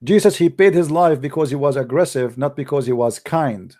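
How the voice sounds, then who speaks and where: A man's voice: fairly high pitch, a little fast, darkish tone. A man lecturing combatively in a livestream, mocking and scolding his opponents in non-native English. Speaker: religious debater.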